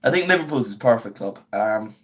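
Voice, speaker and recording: A young man, his voice going hoarse, chatting casually on a live football watchalong and breaking into excited play-by-play of the action. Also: on the low side. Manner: chatty and slangy, bursts into quick excited play-by-play. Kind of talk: casual live stream chat with match commentary.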